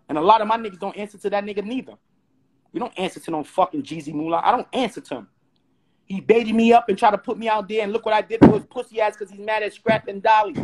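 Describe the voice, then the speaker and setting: This live-stream host from Brooklyn, New York has a voice that sits high. He's combative, launching into a heated rant and repeating rhetorical questions, picked up by a phone or webcam.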